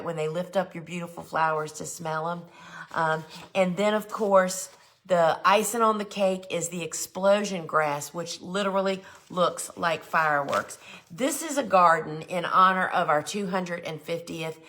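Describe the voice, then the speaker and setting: A live flower gardening show is hosted by a woman with a fairly bright voice on the low side. She chats enthusiastically and casually while showing seed sets for sale, often calling viewers "y'all."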